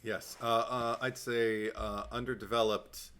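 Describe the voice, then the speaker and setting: A man co-hosting a podcast in casual chat, talking haltingly with many fillers and restarts and laughing often. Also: mid-range voice, level tone, a bit bright, clear, resonant tone. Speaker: podcast co-host.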